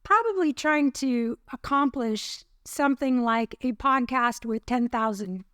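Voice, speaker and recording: This is a middle-aged woman co-hosting a casual podcast. Her voice sits high, and she jokes at her own expense as she chats. The sound is dry and close, with no room echo. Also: measured pace, fairly bright tone, clear, resonant tone. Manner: chatty, playful, self-mocking. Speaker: podcast co-host. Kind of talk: casual chat.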